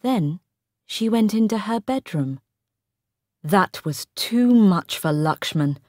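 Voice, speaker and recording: A woman narrating a short story in a careful, clear way for English learners. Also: mid-range voice, lively intonation, slow pace, darkish tone, dry recording, clean studio sound.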